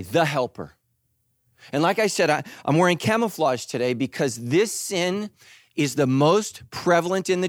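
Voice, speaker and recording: Middle-aged male preacher, high lively voice, joking sermon, dry close sound. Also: no echo. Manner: animated, joking, puts on voices for quotes. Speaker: pastor.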